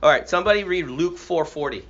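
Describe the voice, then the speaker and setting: Man leading a Bible study, slightly raised pitch. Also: expressive, fast, a bit bright. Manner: prompting, asks questions and affirms answers. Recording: slightly muffled with faint hiss.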